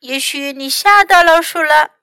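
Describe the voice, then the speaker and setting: A woman's voice: high-pitched, normal speed, sharp tone, no echo, pitched above the performer's own voice. A woman doing a brave friendly young animal. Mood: hopeful. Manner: cheerful, coaxing.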